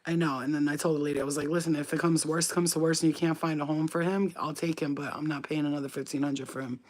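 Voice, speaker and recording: A woman's voice: sits low, fairly even intonation, fast, a little mellow. A woman in her thirties chatting casually, cursing freely and laughing often, teasing her dog. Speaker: vlogger. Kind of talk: casual chat.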